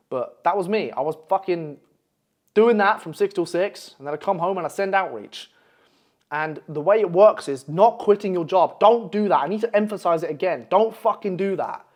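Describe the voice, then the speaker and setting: A brash young man lectures his viewers. His voice sits fairly high, and he swears freely and keeps pressing "okay?" after each point. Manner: profane, brash, repeats "okay?". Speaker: online coach. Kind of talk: blunt motivational monologue.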